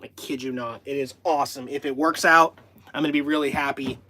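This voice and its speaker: An RV vlogger hosts a casual livestream from inside his parked RV, rambling and talking to his pets and the live chat. His mid-range voice is steady in tone, a little fast, and sounds pushed and bright.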